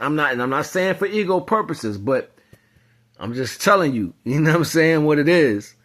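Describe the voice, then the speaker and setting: A man giving a casual spiritual monologue, talking in loose slang and rambling off into animated storytelling. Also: a little high, normal speed. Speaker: spiritual commentator.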